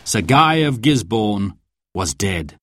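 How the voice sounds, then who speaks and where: A man reading a storybook aloud as narrator, in a slow and expressive way. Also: lowish voice, background noise.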